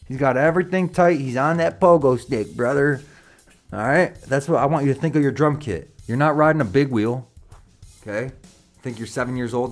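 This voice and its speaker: A young man, rating drum kits in casual, joking chat, swearing freely and calling listeners brother. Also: mid-range voice. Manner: joking, profane, slangy, calls viewers brother.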